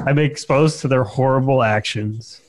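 A man's voice: medium pitch, measured pace, dry recording. An American man in casual podcast chat, rambling with many "like"s. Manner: rambling, heavy use of "like". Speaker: podcast co-host.

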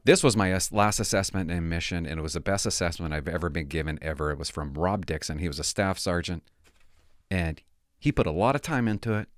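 An older man, a retired police officer, telling rambling, candid stories to his viewers in casual talk, swinging between loud asides and hushed remarks. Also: low-pitched, fairly quick, no echo.

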